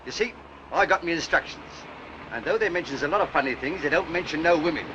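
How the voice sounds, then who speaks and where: An actor playing a brash, blunt man who keeps a lighthouse and speaks. He talks in a gruff, wisecracking way. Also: on the high side, lively intonation, quick pace, background noise, natural voice. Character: brash cocky male London lighthouse keeper. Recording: muffled 1930s film soundtrack.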